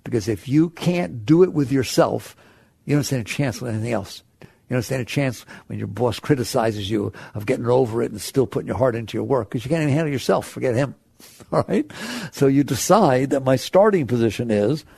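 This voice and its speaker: A man's voice: medium pitch, lively intonation, fairly quick, gravelly, warm tone, husky, no echo. A man giving a spiritual talk to an audience, conversational, laughing often and asking rhetorical questions. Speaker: spiritual teacher.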